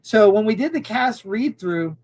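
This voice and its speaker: A woman filmmaker talking casually in an interview, animated and acting out quotes from her shoot. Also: normal speed. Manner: animated, acts out quotes in high voices. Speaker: filmmaker guest.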